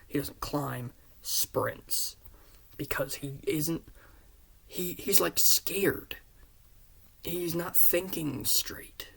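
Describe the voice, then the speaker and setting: Husky man retelling a story. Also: a little high. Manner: earnest, drops into hushed half-whispers. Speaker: fan pitching a series. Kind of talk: casual retelling of a story pitch.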